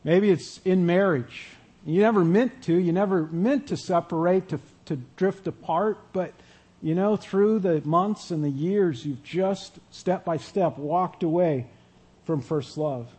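A male pastor preaching a sermon in a relaxed, conversational way, often asking the audience questions. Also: high-pitched, a little slow, husky.

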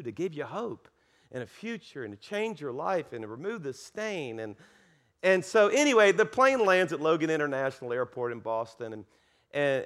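A pastor with a Southern US accent telling a lively, self-mocking story during a sermon. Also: male voice, a little high.

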